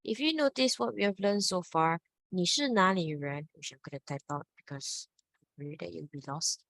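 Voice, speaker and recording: A woman's voice: fairly low pitch, moderate pace, vocal fry, a bit bright, dry recording, poor audio. A woman teaching a Mandarin lesson, patiently checking understanding. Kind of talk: online language lesson.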